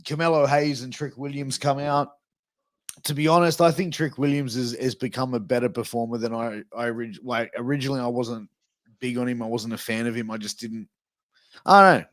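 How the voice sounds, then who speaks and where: A man's voice: mid-range voice, no echo, studio quality. A man co-hosting a wrestling review podcast in casual chat, laid-back and swearing casually. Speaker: podcast co-host.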